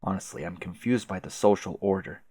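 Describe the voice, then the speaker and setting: A man with a low, slightly rough voice plays a stiff, formal troll aristocrat who is a muscular teenage boy, speaking quietly and precisely. His delivery is fairly quick, and the recording is dry.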